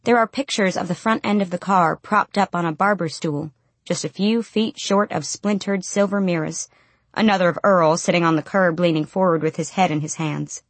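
A woman narrates an audiobook in the first person, quiet and subdued. Her voice is pitched low for a woman. The recording is dry and close. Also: dry recording.

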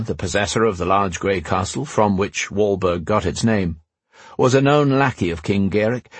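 Husky, low-voiced male storyteller. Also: no room sound. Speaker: audiobook narrator. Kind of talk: scripted fantasy narration.

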